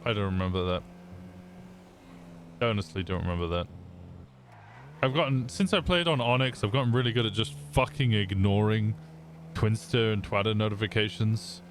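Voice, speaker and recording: A man's voice: fairly low pitch, moderate pace, long pauses, background noise. A young British man streaming a roleplay game, chatting casually and explaining at length, swearing freely.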